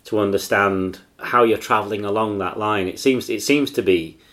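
A male interviewer poses long, winding questions, often hedging with filler phrases. His voice sits somewhat low. He brings the conversation to its close. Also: moderate pace, fairly bright tone. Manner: meandering questions full of "kind of".

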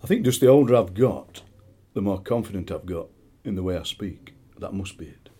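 A middle-aged poet from South Yorkshire, speaking with a Barnsley accent, chats in an interview and reads his poems. He is a lively, animated storyteller who likes slipping into quoted voices. His voice is low, brisk, and slightly rough.

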